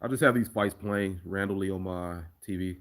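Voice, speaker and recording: A man's voice: deep voice, normal speed, a bit bright. Rambling casual man on a live stream. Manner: rambling, conversational, restarts often. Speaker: live stream host making fight remixes. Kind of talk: casual live chat reading viewer comments.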